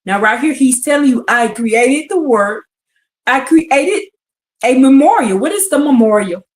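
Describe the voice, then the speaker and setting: A woman teaching scripture on a live stream, reading verses aloud and firing questions at her listeners with excitement. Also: high voice, a little slow. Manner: animated and exclamatory, reads verses then asks the audience questions. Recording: echoey room.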